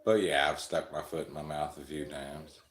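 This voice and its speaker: A man's voice: a bass voice, steady tone, normal speed, roomy sound. A man hosting a live stream, telling rambling, crude, joking stories and chuckling often. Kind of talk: casual storytelling chat.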